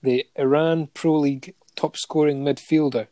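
A man with a slightly high yet dark voice keeps a steady tone at normal speed, with no room sound. During a casual podcast, he works through a long list of honours, steady throughout but full of ums and little chuckles.

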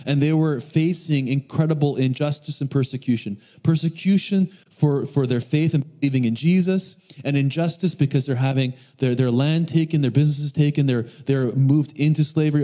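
A man's voice: medium pitch, mellow. A man preaching a sermon, telling a personal story in a casual, storytelling way with frequent restarts. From North America. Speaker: pastor.

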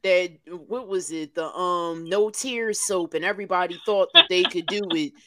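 A woman co-hosting a podcast in casual chat, animated and profane, laughing through her stories. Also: on the low side, normal speed, dry recording. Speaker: podcast co-host.

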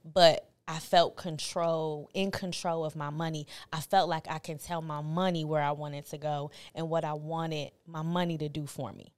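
A woman in her forties co-hosting a podcast, telling stories in a candid, animated, colloquial way. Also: low-pitched, moderate pace, hardly any pauses, clear, resonant tone. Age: 40s. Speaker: podcast co-host. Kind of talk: casual chat.

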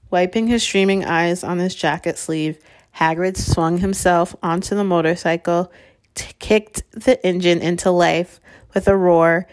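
A woman narrating a chapter of a storybook in a measured, steady way. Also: lowish voice. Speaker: audiobook reader.

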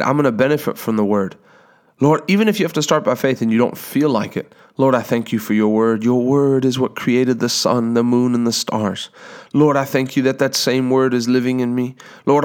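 A man preaching a sermon, reading scripture aloud and praying earnestly, slowing down to stress words. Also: medium pitch, clear, resonant tone.

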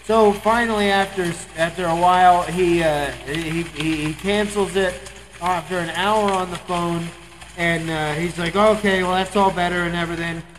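High-voiced man telling a rambling story. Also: normal speed, noisy background. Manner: animated, acts out the people in his story with raised voice. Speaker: podcast co-host telling a story. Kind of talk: casual storytelling.

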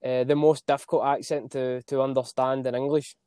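A man's voice: mid-range voice, little pitch movement, a little fast, dark tone, smooth, no room sound. A Scottish man talking on a casual podcast, friendly and explaining at length with small repeats. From Scotland. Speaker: guest.

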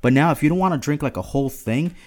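A man's voice: fairly high pitch, fast talker, a little mellow. A man in his thirties co-hosting a casual podcast, rambling with many restarts and fillers. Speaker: podcast co-host. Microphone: podcast mic at home.

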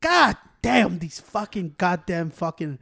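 A Mexican-American man co-hosting a podcast chat, teasing and crude, laughing loudly and mixing Spanish slang into his English. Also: high voice, very animated, takes it slowly, creaky. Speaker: podcast co-host. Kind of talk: casual chat.

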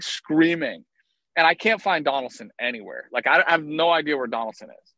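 A man telling a lively story from his playing days, swearing freely and acting out what people said. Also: medium pitch, moderate pace, no echo, poor audio. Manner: animated, profane, acts out quotes. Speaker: former baseball player, guest. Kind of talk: casual storytelling interview.

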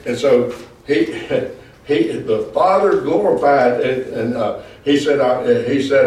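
A man's voice: mid-range voice, expressive, a little slow, a little mellow. A man, a pastor leading a Bible study, preaching emphatically and calling out for the group to answer "Amen?". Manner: emphatic, calls for "Amen?" replies. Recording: echoey room, far from mic.

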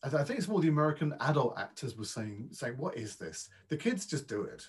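A man's voice: on the high side, big pitch swings, fast, breathy edge. A British man, a dialect coach, telling anecdotes in a conversational interview, modest and full of restarts.

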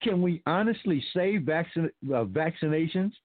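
A man hosting a talk show, reading news out and breaking in with preachy, sarcastic remarks to his listeners. His voice sits a little high and comes through dry and phone-thin. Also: expressive, normal speed, no room sound, narrow, tinny audio. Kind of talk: opinionated commentary reading news aloud.

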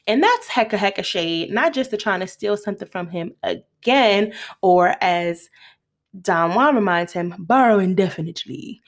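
Animated woman podcaster retelling a film. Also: mid-range voice, a little slow. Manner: animated retelling with acted-out quotes; laughs often while talking. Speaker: podcast host. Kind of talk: casual film review podcast.

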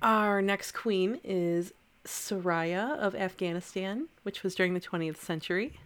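A woman co-hosting a podcast chats in an easygoing way and laughs often. She speaks slowly and without hurry. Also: mid-range voice, smooth. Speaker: podcast co-host. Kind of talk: casual chat.

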